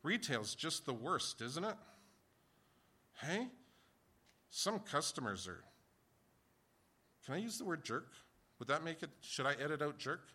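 A man's voice: on the high side, big pitch swings, measured pace, long pauses, breathy edge. A man preaching a sermon, reading scripture and asking the congregation a run of rhetorical questions in a conversational way. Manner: conversational, rhetorical questions, rising to shouts in an acted story. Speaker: pastor.

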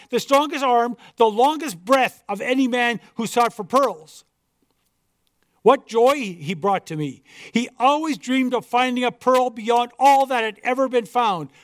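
Man doing a proud old pearl diver: formal, earnest, high voice, dry sound. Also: no echo. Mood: mournful. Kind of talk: storybook dialogue reading.

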